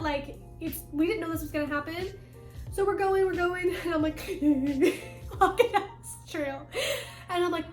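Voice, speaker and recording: A young woman vlogger telling a story in a casual, animated way, acting out quotes and saying "like" a lot. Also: high-pitched, normal speed. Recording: roomy echo with faint music.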